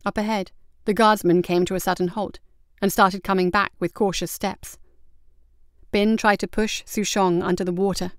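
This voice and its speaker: Woman narrator, storybook reading, measured, crisp clear tone, dry close mic. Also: medium pitch, steady tone, no echo. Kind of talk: scripted narration.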